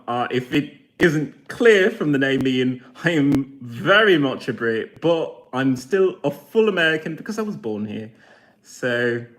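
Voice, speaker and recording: A man's voice: on the high side, a bit bright. A man in his forties, talking to camera in a blunt, mocking rant full of swearing. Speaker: vlogger.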